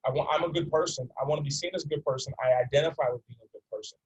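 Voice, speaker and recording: A man's voice: fairly high pitch, rapid-fire, breathy edge, muffled recording. A man in his forties from North America, teaching a coaching session in an earnest, repetitive way and using stories to make his points. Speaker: life coach.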